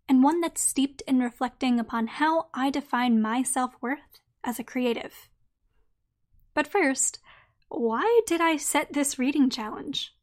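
A woman hosting a podcast who talks straight to her listeners in a friendly way and then reads out her own article, her voice slightly croaky today. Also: sits high. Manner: friendly, direct address to listeners. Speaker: podcast host. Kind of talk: podcast monologue and article reading.

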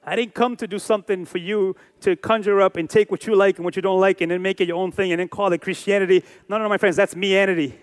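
Man, forties, pastor delivering a sermon, very high voice, emphatic and repetitive, keeps asking the crowd questions. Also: steady tone, quick pace, few pauses. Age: 40s. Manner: emphatic preaching with repeated phrases and rhetorical questions.

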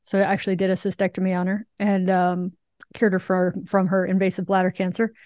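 Woman, forties, interview guest, animated storytelling, middle pitch, dry close sound. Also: no echo. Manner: animated, quick, with many "like" fillers and acted quotes. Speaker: urologist and podcast guest.

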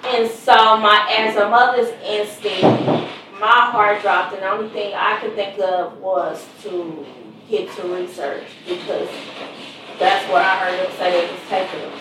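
A middle-aged woman tells her story as a mother in an earnest, conversational way, her pitch sitting in an ordinary middle range. She is recorded from some distance in a strongly reverberant room. A faint ambient hum sits under her voice. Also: little pitch movement, unhurried. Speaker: mother of a murder victim. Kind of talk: personal testimony.

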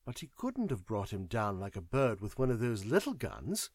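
A man's voice: fairly low pitch, huge pitch swings, moderate pace, a little mellow, no room sound, clean studio sound. A man voicing an earnest, agitated young man who presses with questions. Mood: urgent.

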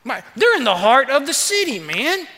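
A man preaching a sermon as pastor, in an animated, conversational way with playful asides, in a church sanctuary. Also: very high voice, normal speed. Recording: church hall reverb.

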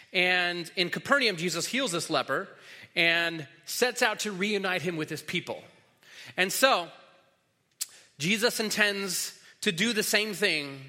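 A pastor preaches a sermon in a large hall, teaching casually with plenty of fillers and restarts. His high-pitched voice sounds pushed and bright, with long hall reverb trailing behind.

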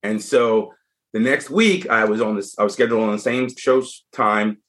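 A man telling a story as a podcast guest in casual conversation, animated and frank, with frequent restarts. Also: lowish voice, normal speed.

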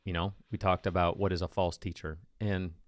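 A man's voice: deep voice, little pitch movement, brisk, dry recording. A man co-hosting a casual podcast, joking, teasing and laughing easily. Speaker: podcast co-host.

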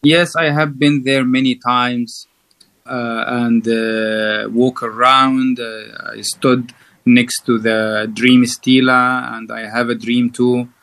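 Man speaking halting, filler-heavy English. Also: mid-range voice, little pitch movement, fairly bright tone. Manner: halting, many fillers and restarts. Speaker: guest guide. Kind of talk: casual interview chat.

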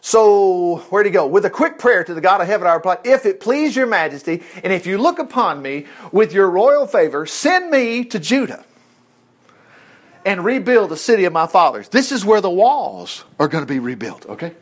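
Male preacher, conversational sermon, folksy and chatty, high voice with lively swings. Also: moderate pace. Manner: folksy, animated, self-interrupting, acting out scripture dialogue.

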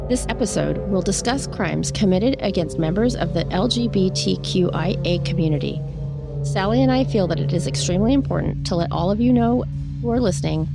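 A woman co-host reading a scripted podcast introduction in a measured, read-aloud way. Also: fairly low pitch, gravelly. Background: loud intro music.

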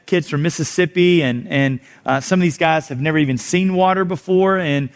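Man, youth pastor, storytelling sermon, somewhat high voice, animated, goes quiet at tense parts. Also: fairly quick.

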